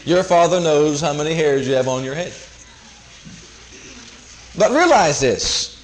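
A man's voice: on the high side, lively intonation, unhurried, low-quality recording. A man preaching an emphatic sermon, repeating phrases and quoting scripture.

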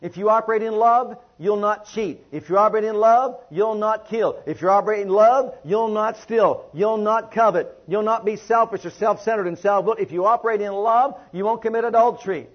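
A man's voice: high-pitched, a little fast, few pauses. A man preaching a sermon to a congregation, leading call-and-response and stretching out emphatic phrases. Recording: muffled lo-fi sermon recording.

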